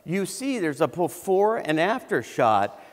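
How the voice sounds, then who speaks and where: Lively high-voiced man telling comic stories. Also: measured pace. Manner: comic, conversational delivery with many restarts. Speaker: keynote speaker. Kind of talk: humorous keynote storytelling. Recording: reverberant hall.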